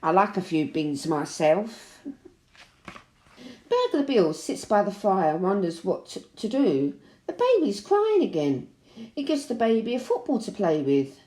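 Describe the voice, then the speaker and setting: A woman reading a children's picture book aloud in an expressive, animated way. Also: medium pitch. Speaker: storybook reader. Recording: roomy echo.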